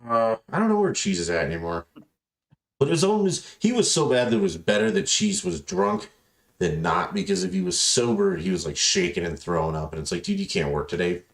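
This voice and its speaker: His voice low-pitched with vocal fry, a man hosting a podcast talks fairly quickly through rambling, profane anecdotes. He animatedly quotes the people in them, acting them out casually.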